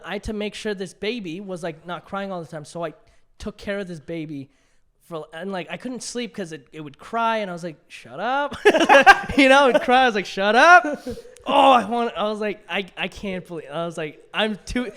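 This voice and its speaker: A man's voice: high voice, clear, resonant tone. A young man in his twenties co-hosting a casual podcast, telling stories animatedly with lots of laughter. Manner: animated storytelling with frequent laughter. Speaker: podcast co-host. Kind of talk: casual chat.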